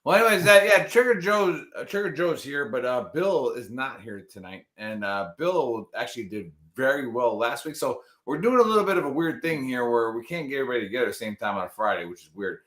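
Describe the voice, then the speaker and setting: A man's voice: medium pitch, expressive, fairly quick, hardly any pauses, a bit bright, reverberant. A man hosting a live show in a loose, joking, rambling way, casual banter with his co-hosts. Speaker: podcast host.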